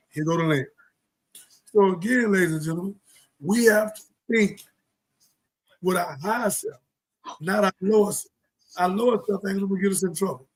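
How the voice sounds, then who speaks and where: Husky high-voiced man preaching live. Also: low-quality recording. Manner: preachy, quotes scripture, rhetorical questions; loud outbursts then sudden muttering. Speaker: host of a live talk show. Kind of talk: impassioned live monologue.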